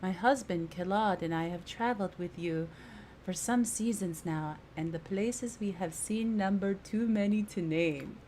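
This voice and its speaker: A woman's voice: mid-range voice, unhurried, a little mellow, a little hiss or hum, close to an everyday voice. A woman putting on a stern adventurer with a mock British lilt. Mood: resolute. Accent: put-on British. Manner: formal, declamatory reading of game dialogue. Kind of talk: reading game dialogue aloud in character.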